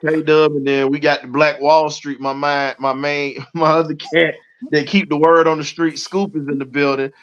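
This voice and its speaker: A man's voice: on the high side, little pitch movement, normal speed, a bit bright. A man with a Southern US accent hosting a heated sports talk show, fired up and colorful in his trash talk. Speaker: show host. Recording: dull lo-fi audio.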